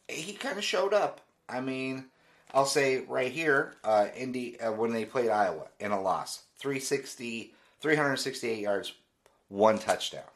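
A man hosting a solo sports podcast, giving opinionated, dismissive commentary in a ranting way. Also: fairly low pitch. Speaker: podcast host.

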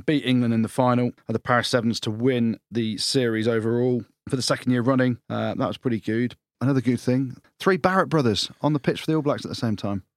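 A man's voice: mid-range voice, quick pace, hardly any pauses, no room sound, clean studio sound. A man hosting a podcast, leading the segments with chatty, teasing banter. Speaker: podcast host. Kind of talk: casual rugby banter.

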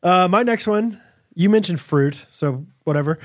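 Animated ranting man, high voice. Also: normal speed, a little hiss or hum. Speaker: podcast co-host. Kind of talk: casual chat.

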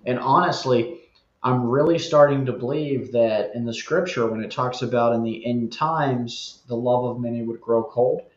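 A man with a mid-pitched voice talks as a guest, wry and talkative. His voice comes over roomy, dull remote audio. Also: moderate pace. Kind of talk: casual chat.

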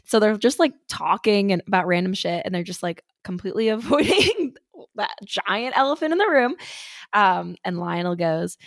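A woman's voice: mid-range voice, sing-song, moderate pace, no echo. Swearing woman recapping a show, dry. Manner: swears a lot, many fillers, laughs while recapping. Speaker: podcast co-host. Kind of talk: casual chat.

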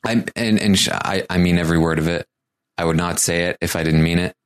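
A man voicing a tearful grown man who pours out heartfelt thanks in a rushed, halting way. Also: low voice, steady tone, close to an everyday voice. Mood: tearful, grateful.

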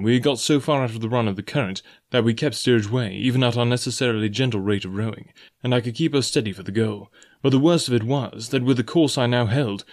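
A man narrating a novel aloud at a measured, even pace. His voice sits at an ordinary middle pitch, with a steady reading delivery. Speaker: audiobook narrator. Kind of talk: scripted storybook narration.

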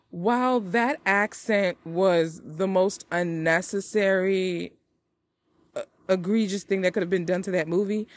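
A woman's voice: mid-range voice, no room sound. Chatty woman podcast host. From United States. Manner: chatty, animated, playful wordplay. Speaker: podcast host reviewing movies. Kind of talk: casual chat.

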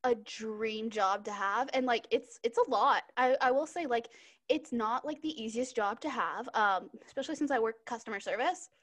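A young woman with a notably high voice chats casually as a podcast co-host. She rambles, giggles and leans on fillers as she talks. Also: moderate pace, a bit bright. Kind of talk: casual chat.

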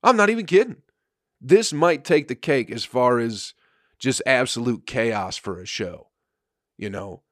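A man's voice: medium pitch, slow, no echo, clean studio sound. A man, a comedian and podcast host, telling a rambling, profane story in casual chat with frequent laughter.

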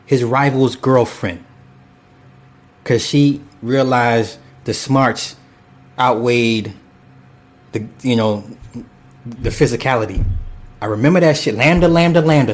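A man hosting a casual commentary stream, reading chat and speaking bluntly and profanely, rambling with restarts. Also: medium pitch.

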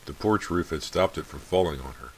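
A man reading a horror novel aloud as an audiobook narrator, in a measured, steady way. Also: extremely low pitch, a little hiss or hum. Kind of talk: scripted narration.

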